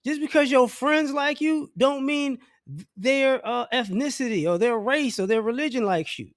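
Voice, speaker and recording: An extremely high-pitched middle-aged man, a vlogger, delivers a casual, blunt, profanity-laced opinion rant to camera at a moderate pace. He rambles and frequently restarts sentences, and the sound is clean and studio-like with no room sound.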